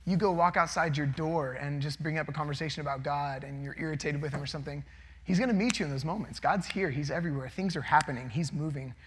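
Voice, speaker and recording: Animated young preacher in a reverberant hall. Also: male voice, fairly high pitch, fast, slight background noise. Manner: animated, acts out the figures. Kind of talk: casual sermon.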